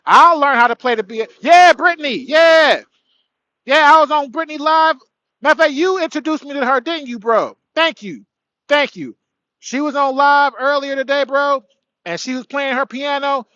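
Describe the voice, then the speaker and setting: Bright, high-voiced man on a phone livestream. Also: normal speed, no room sound. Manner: warm greetings to viewers, loose rambling delivery. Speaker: livestream host. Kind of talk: casual spiritual livestream chat. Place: indoors at night. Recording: dry, dull lo-fi phone audio.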